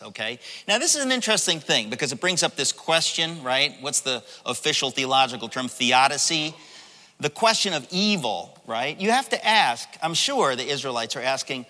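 A man preaching a sermon from the pulpit, animated and conversational, dramatizing the story with asides to the congregation. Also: a little high, moderate pace. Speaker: pastor. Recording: long hall reverb.

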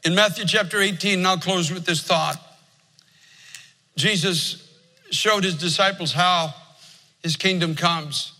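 An older male pastor preaches in an earnest, storytelling way, his voice pitched high and strikingly sharp and bright. A long reverb rings around him, as in a large church sanctuary. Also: a little slow, pauses often. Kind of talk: sermon.

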